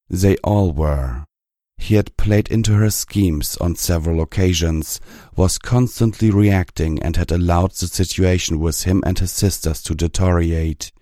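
A man reading fan fiction aloud in a measured, even storytelling manner. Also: sits low, no room sound, clean studio sound. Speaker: audiobook reader.

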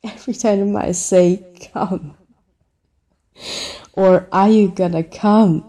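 A woman's voice: mid-range voice, fairly even intonation, slow, dark tone, breathy edge. A woman performing a flirty phone-call role-play in a teasing, playful way, stretching her words out.

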